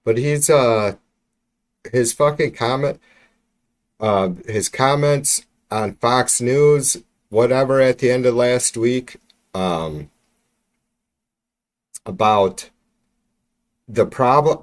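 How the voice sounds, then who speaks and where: A man's voice: mid-range voice, takes it slowly, pauses often. A man hosting a livestream, ranting about politics in a profane, exasperated way with lots of restarts. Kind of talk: casual ranting livestream commentary. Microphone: computer mic while streaming.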